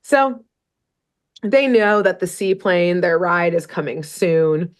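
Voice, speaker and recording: A woman's voice: on the low side, lively intonation, slow. A woman co-hosting a podcast, casually recapping a cartoon episode as a rambling, joking storyteller. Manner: chatty, rambling storyteller with laughs and asides. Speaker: podcast co-host.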